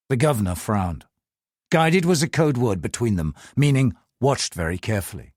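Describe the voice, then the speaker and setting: Expressive male audiobook narrator, husky. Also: medium pitch, normal speed, no echo, clean studio sound. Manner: expressive storytelling.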